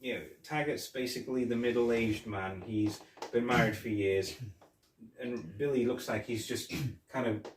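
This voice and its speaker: Recorded with a far-off mic in an echoey room, a podcast host chats casually about a film, rambling and laughing as he recounts scenes. His medium-pitched voice is unhurried, with slight background noise.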